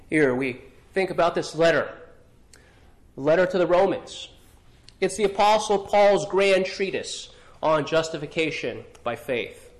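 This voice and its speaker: Earnest high-voiced male preacher. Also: animated, measured pace. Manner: earnest, repeats and restarts phrases, clears throat often. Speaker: pastor. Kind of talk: expository sermon.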